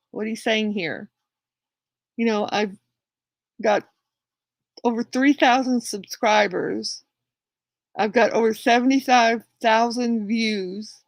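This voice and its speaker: A woman's voice: on the high side, creaky, no echo. A woman livestream host telling a rambling story to her viewers, acting out both sides of an argument. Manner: chatty, retells quarrels acting out both sides; rambling with frequent restarts.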